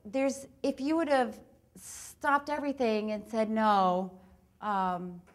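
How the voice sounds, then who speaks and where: A woman's voice: high voice, a little slow. A woman giving a live talk on improv, chatty and laughing often between her points. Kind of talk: live talk with audience exercises.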